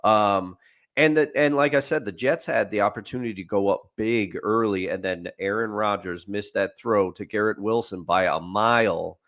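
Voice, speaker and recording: A man's voice: on the low side, normal speed, fairly bright tone. A man co-hosting a sports podcast, telling stories in a rambling way, restarting sentences and laughing at his own tales. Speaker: podcast co-host. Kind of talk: casual sports chat.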